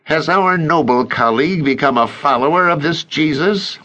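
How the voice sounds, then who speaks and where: A man's voice: fairly high pitch, normal speed, sharp tone, highs cut off, pitched above the performer's own voice. A man voicing a cold, scornful male Pharisee councilman in an audiobook, icy and contemptuous. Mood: sneering.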